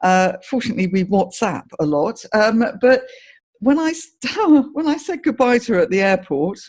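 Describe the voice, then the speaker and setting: A woman's voice: mid-range voice, lively intonation, normal speed, darkish tone. A middle-aged woman hosting a podcast, chatting casually with many fillers and restarts. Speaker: podcast host. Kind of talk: casual interview chat.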